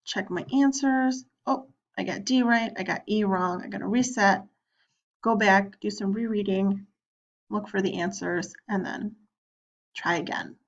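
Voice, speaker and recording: At a measured pace and medium pitch, a woman teacher talks her students through an online lesson she clicks along in a screen recording. Chatty, she poses their questions and answers as teacher. The audio is dull.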